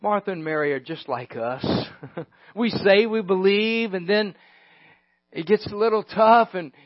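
A high-voiced male preacher delivers a sermon, dropping to a hush and then building to loud emphasis, with chuckles now and then. The sound is dry and close, on a dull, lo-fi recording. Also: unhurried, no echo. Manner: dynamic, swinging from hushed to loud, with chuckles.

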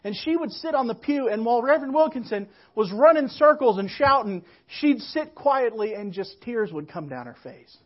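A woman pastor preaching a sermon, telling stories and moving between quiet reflection and emphatic calls to the church. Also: on the high side, lively intonation, normal speed, hardly any pauses, highs cut off.

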